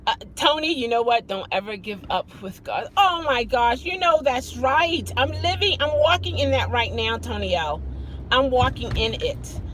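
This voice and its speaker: A woman's voice: normal speed, slight background noise. A middle-aged woman chatting casually on a live stream, greeting viewers by name as she tells her story. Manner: expressive, jumps high when emphasizing.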